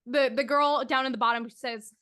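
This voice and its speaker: High-voiced woman narrating a horror game. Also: steady tone, normal speed, fairly bright tone, clean tone. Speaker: game master.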